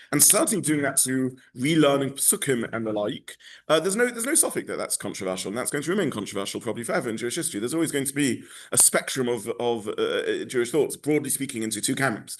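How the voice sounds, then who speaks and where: A man's voice: mid-range voice, expressive, fast. A rabbi teaching a class, explaining his points at length and thinking aloud as he goes. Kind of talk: lecture to a class.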